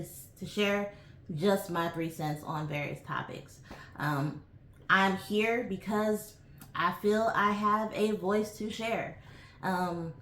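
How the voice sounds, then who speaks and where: A woman's voice: fairly low pitch, a bit bright. A woman in her forties from New York, chatting casually to camera as host of her own channel, rambling with lots of ums and asides. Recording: echoey room.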